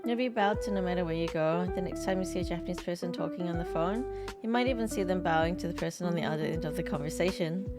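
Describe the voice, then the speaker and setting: A woman with a fairly low voice hosts casual commentary over a lesson video. She chats and jokes straight to her viewers, with loud guitar music playing under her. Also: quick pace. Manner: chatty, joking, talks to viewers. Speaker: video host reacting to a lesson.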